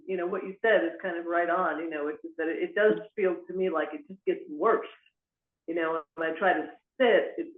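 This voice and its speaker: A man asking a question on a video call, hesitant and rambling with many restarts. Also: sits high. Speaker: caller. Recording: tinny call audio in an echoey room.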